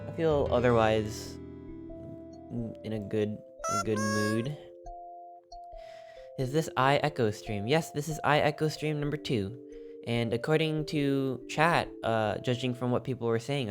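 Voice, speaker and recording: A sleepy, slightly sniffly man chats in a loose, rambling and goofy way while streaming a game. His voice sits at an ordinary middle pitch. Clear background music plays behind him throughout. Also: measured pace. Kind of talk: casual live-stream chat.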